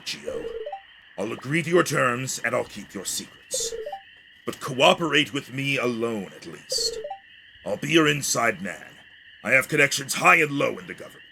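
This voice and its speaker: Man voicing a determined detective, earnest, gravelly, animated pitch. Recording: steady background noise.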